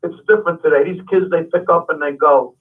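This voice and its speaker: A man's voice: fairly high pitch, quick pace. A man who is a comedian guest, talking animatedly and emphatically in a radio interview. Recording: tinny phone-like radio sound from the mic's distance.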